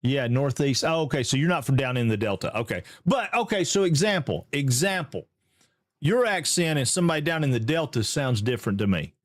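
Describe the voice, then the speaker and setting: Chatty Southern American streamer, dry sound. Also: male voice, mid-range voice, a little fast, no room sound. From Georgia, USA. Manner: chatty, upbeat, greets viewers excitedly. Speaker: game streamer host. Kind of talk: casual live-stream chat.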